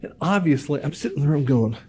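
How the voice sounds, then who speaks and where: A man's voice: a little high, animated, fast talker, warm tone, husky. A man in his fifties, a hearing care doctor, talking casually to the camera in a chatty storytelling way. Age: 50s. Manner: chatty storyteller, repeats words as he restarts; acts out quoted voices in his stories.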